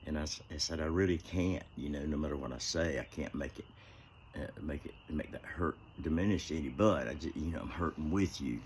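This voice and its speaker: A man's voice: extremely low pitch, a little fast, a little hiss or hum. A man vlogging outdoors in a rambling, heartfelt way, full of "you know" fillers. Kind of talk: casual outdoor vlog talk.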